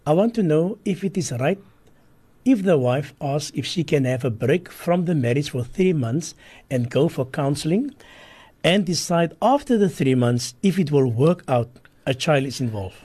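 Male radio presenter, brisk reader of listener texts, husky, slightly high. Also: expressive, dark tone. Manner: brisk, reads text messages aloud. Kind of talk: radio call-in hosting.

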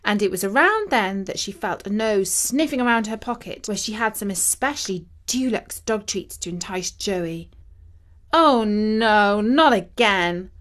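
A woman narrating a children's story in a measured, expressive way. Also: mid-range voice.

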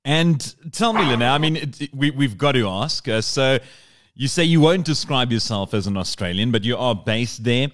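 A man's voice: mid-range voice, lively intonation, moderate pace, a bit bright. A man hosting a podcast interview, speaking with many hesitations and careful questions. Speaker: podcast host.

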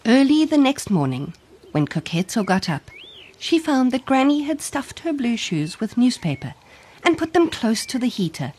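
A woman narrating a children's storybook in an expressive, animated read-aloud. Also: fairly high pitch, moderate pace, slightly rough.

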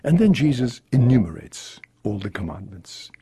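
A priest reading scripture and then giving an earnest, reflective homily. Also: male voice, on the low side, big pitch swings, moderate pace, dark tone, slightly rough.

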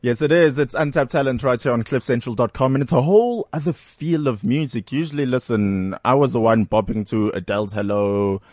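A man's voice: mid-range voice, fairly quick, few pauses, a little mellow, dry recording. A man hosting a radio talk show, chatting casually in a playful, teasing way.

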